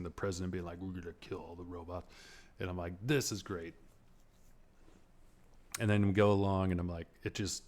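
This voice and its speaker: A man's voice: on the low side, a little mellow. A man talking casually as a podcast host, rambling and sarcastic, swearing freely and laughing often as he vents. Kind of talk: casual movie rant.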